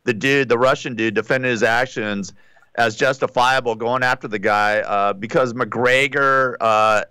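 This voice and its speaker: A man's voice: mid-range voice, fairly even intonation, a little slow, pushed and bright, clean tone, dry recording. A man co-hosting a casual talk radio show, rambling and hesitating often as he talks. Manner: rambling, hesitant, many "uh"s and restarts. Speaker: radio co-host.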